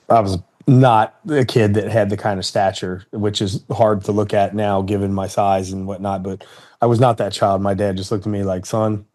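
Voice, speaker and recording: Low, mellow-voiced man recalling his father. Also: little pitch movement. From Cincinnati, Ohio, United States. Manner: measured, earnest, with restarts. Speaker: interview guest, retired fighter. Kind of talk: reflective interview storytelling.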